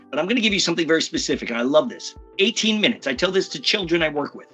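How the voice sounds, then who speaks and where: A man who works as a communication coach, talking energetically and emphatically in a podcast interview and often slipping into quick impressions. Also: on the high side, expressive, sharp tone, slightly rough, soft background music.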